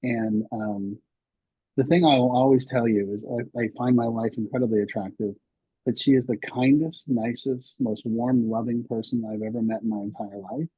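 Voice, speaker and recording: A man in his sixties, speaking with a husky edge. He tells personal stories in a rambling way, with plenty of fillers and restarts. The sound is dry and a little dull, like a lo-fi recording. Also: medium pitch, steady tone, moderate pace, no room sound. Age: 60s. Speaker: podcast guest. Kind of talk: candid interview storytelling.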